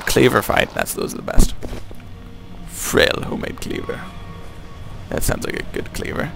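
Goofy man with gravelly, very lively voice. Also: mid-range voice, moderate pace, music in the background. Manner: goofy, joking, talking to enemies. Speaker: gameplay commentator. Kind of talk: let's play commentary.

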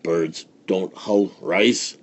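Man doing a cruel storybook stepmother, shrill, snapping, husky edge. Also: very animated, unhurried, dark tone, full character voice. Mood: threatening. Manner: shrill, snapping, mock-sweet.

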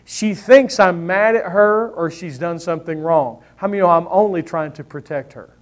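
High-voiced pastor preaching with emphatic repetition. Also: male voice, moderate pace. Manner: emphatic, repeats key lines, asks the congregation "how many know". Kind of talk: sermon. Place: church sanctuary.

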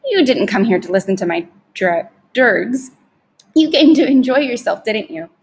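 A woman's voice: fairly high pitch, big pitch swings, normal speed, darkish tone. A woman doing a coaxing, mysterious housekeeper.

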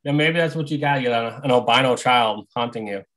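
A man speaks as a guest on a casual podcast. His tone is bright and forward, and he laughs often while he talks. He stays relaxed throughout. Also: mid-range voice, brisk, low-quality recording.

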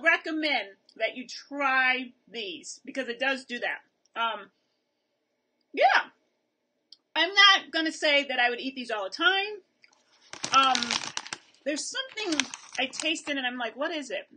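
A woman's voice: high-pitched, pushed and bright. A woman hosting a casual video review of a snack, chatting while she tastes and chews on camera. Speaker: vlog host reviewing snacks.

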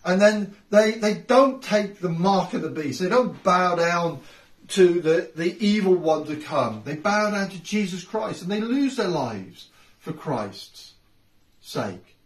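A man's voice: high voice, expressive, slow pace. A middle-aged man preaching an informal home sermon, earnest and repeating key phrases for emphasis. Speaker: house church preacher. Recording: roomy sound from a distant mic.

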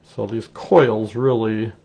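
A middle-aged man with a Wisconsin accent, demonstrating a clay technique in a relaxed, chatty way as he works. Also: fairly low pitch, slow, vocal fry, slightly rough, muffled recording. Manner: relaxed, chatty, explains while working. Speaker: clay artist teaching a technique. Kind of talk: casual live demonstration.

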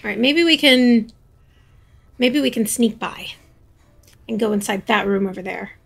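High, gravelly-voiced woman gaming host. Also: a little slow, a bit bright. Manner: chatty, easily startled, jokey asides. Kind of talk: casual gameplay commentary.

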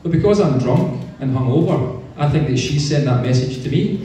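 Scottish male comic, deadpan stand-up, higher-pitched, set far from the mic in a very echoey room. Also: normal speed, heavy background noise. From Scotland. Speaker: stand-up comedian. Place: hotel pub stage.

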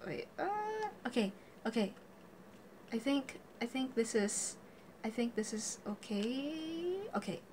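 A woman's voice: on the high side, sing-song, slow pace, a little mellow, slight background noise. A woman hosting a casual gear tutorial, chatty and giggly, laughing often and joking as she goes. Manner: jokey asides. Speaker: tutorial host.

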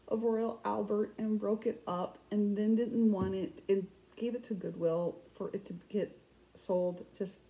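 A middle-aged woman with a Michigan accent, chatting fast and loosely to camera about her cross stitch projects, often restarting her sentences. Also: medium pitch, flat delivery, warm tone, rough recording. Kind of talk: casual chat to camera.

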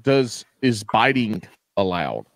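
A man's voice: fairly low pitch, sing-song, gravelly, no echo. A man hosting a podcast, chatting casually with a guest in a rambling, joking, profane way. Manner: drawn-out stalling in its phrasing. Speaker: podcast host. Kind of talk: casual interview chat.

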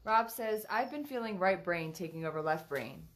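A woman co-hosting a livestream, reading viewers' comments aloud in a halting way with fillers. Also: lowish voice, lively intonation, very noisy.

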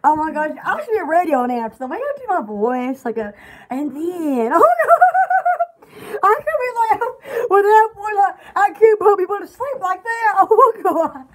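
Woman, shop host, high and lively, rambling and giggly. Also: normal speed. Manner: giggly, chatty, rambling, reads product lists aloud. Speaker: online shop host selling bath products. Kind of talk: casual live sales chat.

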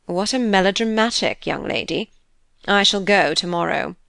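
A woman voicing a cool, indolent young gentleman with a dry, sarcastic manner. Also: medium pitch, moderate pace, gravelly, no room sound.

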